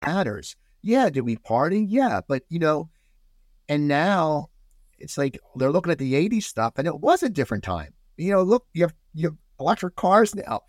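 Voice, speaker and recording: A middle-aged man chatting as a podcast guest, telling stories in an animated way with many restarts. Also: a little high, normal speed, dry recording, studio quality. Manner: animated storyteller, restarts a lot. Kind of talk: casual podcast chat.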